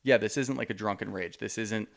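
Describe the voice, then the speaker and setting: A man with a low, gravelly voice full of vocal fry rambles through reality show gossip in relaxed podcast talk. He hedges often with "like" and keeps an easygoing tone. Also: brisk. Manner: rambling, hedging with "like". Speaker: podcast co-host. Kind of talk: casual reality TV recap chat.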